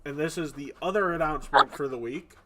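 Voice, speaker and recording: A man's voice: a little high, over a noisy crowd. A man, the game master, chatting casually and joking before a tabletop session. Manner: chatty, jokey, quick asides.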